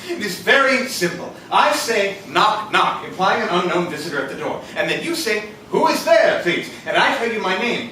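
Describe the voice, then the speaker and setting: A man's voice: high-pitched, sharp tone. A man playing pompous fussy Antoine. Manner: formal, pedantic, exasperated lecturing. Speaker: stage actor. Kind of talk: live stage comedy. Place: small theater stage. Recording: echoey theater from far off, faint hiss.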